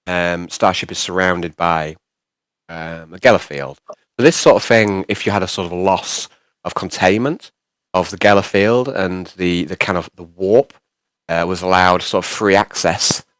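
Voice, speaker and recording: A man's voice: low-pitched, a bit bright, no room sound. A man narrating as game master of a tabletop game, explaining in a hesitant way with many restarts. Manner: hesitant, lots of ums and restarts.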